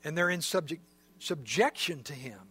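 A man's voice: on the high side, expressive, moderate pace, a bit bright, breathy edge, no echo. A man preaching a sermon in a conversational, explanatory way, with frequent fillers. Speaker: pastor.

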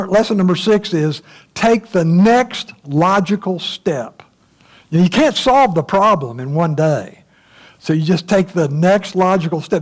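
A man's voice: on the high side, a little mellow. A man giving a casual, folksy Bible lesson, chatty and full of fillers. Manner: folksy, chatty, many uh fillers, chuckles at his own asides. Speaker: Bible teacher.

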